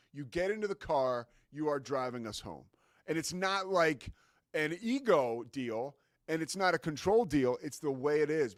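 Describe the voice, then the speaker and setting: Male sports show host, casual and excitable, fillers galore, dry booth sound. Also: a little high, dry recording. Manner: enthusiastic, conversational, many fillers.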